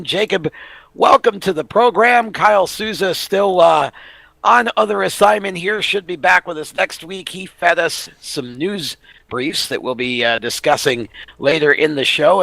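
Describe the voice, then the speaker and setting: Male radio show host, fairly high voice, upbeat talk-show delivery with fillers. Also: pushed and bright, dry recording.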